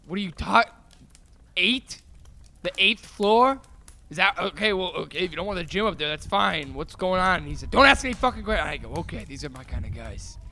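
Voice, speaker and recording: A man's voice: on the high side, sharp tone, slight background noise. A man playing a scheming, conspiratorial tenant. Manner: eager, conspiratorial storytelling. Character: scheming male tenant plotting against a rooftop garden. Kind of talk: improv comedy monologue.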